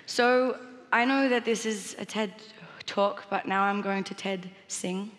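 A woman's voice: mid-range voice, slow, fairly bright tone. A woman speaks from a stage, earnest and a little self-mocking, stuttering on some words. Her voice hangs in the long reverb of a large hall. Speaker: speaker giving a talk. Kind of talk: public speech on stage.

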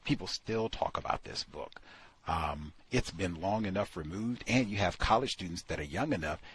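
A man with a low, husky voice hosts a talk program. He is blunt and dismissive and circles back to the same points again and again. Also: animated, moderate pace, a bit bright, no echo. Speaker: radio show host. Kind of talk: casual critical commentary.

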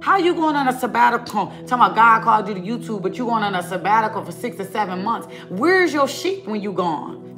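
A woman's voice: on the high side, animated, a little fast, hardly any pauses, music in the background. A woman ministering online, preaching a fiery rant at her viewers, emphatic and scolding, with lots of repetition and casual talk.

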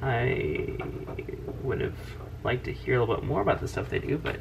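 A man's voice: mid-range voice, very animated, normal speed, gravelly, noisy background. A man hosting a casual drawing tutorial, chatty and teasing as he narrates each stroke. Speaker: host, drawing teacher.

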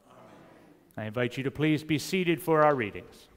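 A priest leading a congregation in prayer and the collect, calm and formal. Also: male voice, medium pitch, brisk. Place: church sanctuary. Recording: long church reverb.

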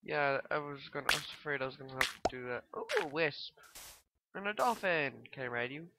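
A woman's voice: extremely low pitch, fast talker. A woman casually commenting on her gameplay, chatting to the characters on screen, swearing and giggling as she goes. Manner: excitable, swearing, giggly, talks to game characters. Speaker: let's play gamer. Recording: loud background noise.

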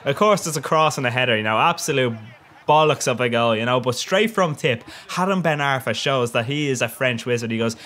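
A man's voice: medium pitch, brisk, bright, forceful tone. A young man giving cheeky, sweary commentary over his own gameplay, laughing often. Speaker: gaming commentator.

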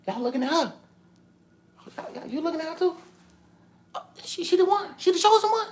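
A man doing high hushed gossiping onlookers. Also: animated, a little fast, a little hiss or hum. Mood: gossipy.

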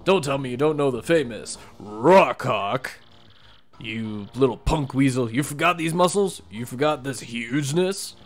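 A man's voice: mid-range voice, lively intonation, unhurried, close to an everyday voice. A man voicing a boastful hulking male wrestler bird who trash-talks and growls. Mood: cocky. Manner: swaggering trash talk, growls and laughs.

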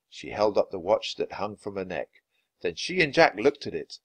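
A man reading a children's book aloud, with expressive, lively narration. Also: lowish voice, moderate pace, no echo. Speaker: storyteller.

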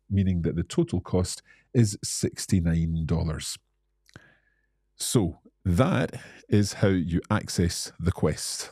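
Scottish male teacher hosting a live Q&A, low husky voice, friendly and explanatory. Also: mellow, no room sound, clean studio sound. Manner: friendly, explanatory, reads out viewer comments. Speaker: English teacher and host. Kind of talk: live-stream Q&A.

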